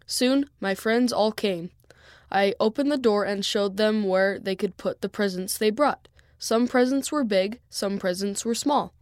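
Woman reading a kids story, mid pitch, clear and even, dry close mic. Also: unhurried, no echo. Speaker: storybook reader. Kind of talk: reading a children's story aloud in first person.

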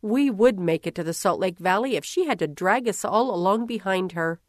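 A woman's voice: medium pitch, animated, moderate pace, no room sound. Woman with a dry, close storytelling voice. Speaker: reader. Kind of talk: first-person story narration.

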